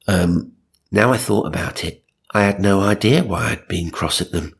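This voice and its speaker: A man's voice: deep voice, moderate pace, vocal fry, slightly rough. A man reading silly magazine stories aloud and breaking off for dry, sarcastic asides. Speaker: narrator.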